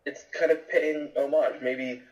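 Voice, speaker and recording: A man's voice: on the high side, flat delivery, unhurried, distant mic, highs cut off. A man co-hosting a podcast, chatting about movies in a laid-back, hesitant way with many ums. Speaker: podcast co-host. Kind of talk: casual movie chat.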